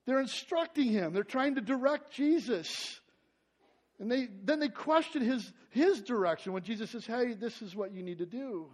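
High-voiced male pastor preaching. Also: lively intonation, normal speed. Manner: grows louder and higher when stressing a point; drops to a soft, quiet tone in prayer. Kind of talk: sermon.

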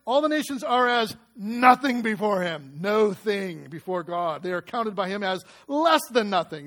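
A man's voice: sits high, lively intonation, normal speed, few pauses, a bit bright. A man preaching a sermon, asking the congregation questions and making light jokes. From United States. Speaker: pastor.

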